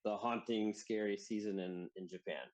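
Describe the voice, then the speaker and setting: A man's voice: fairly low pitch, normal speed, poor audio. A man co-hosting a podcast, chatting casually and loosely, with lots of fillers and restarts. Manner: relaxed, rambling with many fillers. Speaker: podcast co-host. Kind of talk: casual chat.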